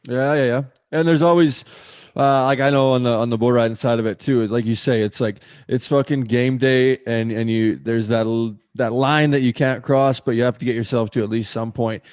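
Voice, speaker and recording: A man's voice: mid-range voice, steady tone, moderate pace, darkish tone, smooth, no echo, studio quality. An American man co-hosting a podcast in a laid-back, profane, casual way. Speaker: podcast co-host.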